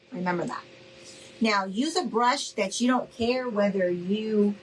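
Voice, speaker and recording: A middle-aged woman leads a relaxed live craft lesson, talking to her viewers in a chatty, friendly way. She takes her time with each step, and the words come out unhurried. A faint hum sits underneath. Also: mid-range voice, low-quality recording. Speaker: craft tutorial host. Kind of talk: casual live crafting demo.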